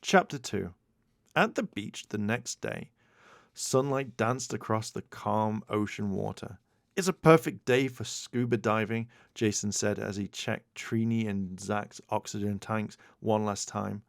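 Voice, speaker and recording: A man's voice: on the low side, unhurried, gravelly, no echo. A man narrating a children's storybook as an audiobook, reading expressively into a close mic. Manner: expressive read-aloud narration.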